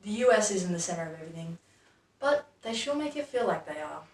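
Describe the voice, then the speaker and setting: A woman's voice: lowish voice, big pitch swings, fast, recorded from a distance. A chatty Australian woman hosting a quiz video, with wry commentary that often swears. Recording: echoey room, mic set back.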